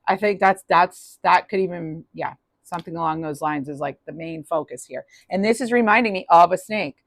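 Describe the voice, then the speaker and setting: A woman's voice: on the low side, brisk, dry recording. A woman giving a casual, upbeat tarot reading, chatty with many restarts. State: clearing throat, losing voice. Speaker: tarot reader.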